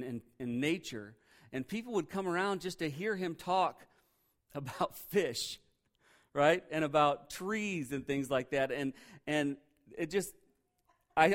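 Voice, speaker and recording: A male pastor preaches conversationally, putting questions to the congregation and occasionally laughing at himself. His voice is a little high.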